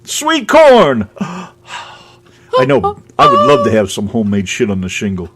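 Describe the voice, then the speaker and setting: A man's voice: on the low side, huge pitch swings, unhurried. A man hosting a casual radio show, chatting in a rambling way and laughing often. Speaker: host.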